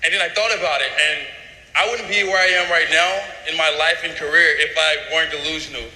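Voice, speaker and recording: Excited man speaking in an echoey hall. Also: on the high side, fairly quick. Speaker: speaker addressing a live audience. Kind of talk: impromptu speech. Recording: echoey hall recorded from a distance.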